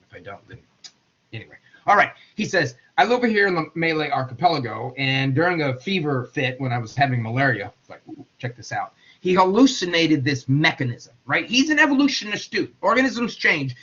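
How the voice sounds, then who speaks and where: A man's voice: medium pitch, pushed and bright, breathy edge. A man teaching a casual classroom lecture, chatty and digressive, acting out quotes in funny voices, on a dull lo-fi recording.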